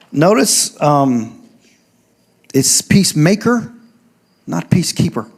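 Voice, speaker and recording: A male pastor giving a sermon, reading scripture slowly and telling joking, conversational stories to his church. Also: medium pitch, creaky. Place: church service.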